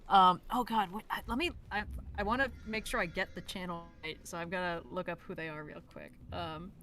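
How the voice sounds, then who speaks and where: A woman in a casual stream chat who reacts quickly and laughs often. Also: fairly low pitch, fairly even intonation, a bit bright.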